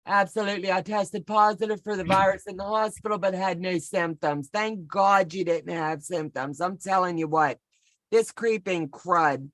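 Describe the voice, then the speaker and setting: A woman's voice: on the low side, normal speed, no echo. Chatty folksy woman on a video call. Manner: chatty, folksy, self-deprecating storyteller. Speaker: co-host of a sewing pattern walk-through. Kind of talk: casual chat, rambling personal story. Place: home.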